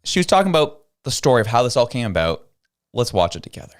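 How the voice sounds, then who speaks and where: Male commentary host, incredulous and emphatic, voice swings up and down widely, mid pitch. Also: very animated, quick pace. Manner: incredulous, emphatic, repeats words for stress. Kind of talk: reacting to a clip, commentary.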